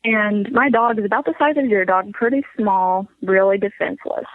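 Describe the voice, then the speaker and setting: A woman's voice: mid-range voice, moderate pace, a crowd in the background. A teenage girl calling in to a podcast, telling a story in an earnest way with plenty of "like". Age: teens. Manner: earnest, uses "like" a lot. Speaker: caller. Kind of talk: telling a story on a call-in show. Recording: dull lo-fi call line.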